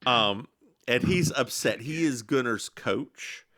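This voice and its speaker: Animated, chatty male podcast host. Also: medium pitch, slow pace, no room sound, studio quality. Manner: chatty, giggly, campy. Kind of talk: casual chat recap.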